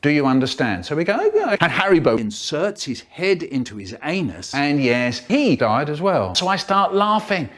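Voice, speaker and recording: A man spinning a surreal, nonsensical comic tale, slipping from deadpan into sudden outbursts. His slightly higher voice jumps around a lot as he tells it. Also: normal speed, hardly any pauses. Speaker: comedic storyteller. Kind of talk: absurd comic monologue.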